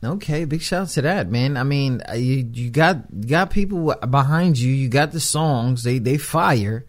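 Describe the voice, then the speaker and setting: A man's voice: lively intonation, moderate pace. A man hosting a casual interview chat, swearing freely and often laughing. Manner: loud, profane, laughing rants with swings in pitch. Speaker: podcast host.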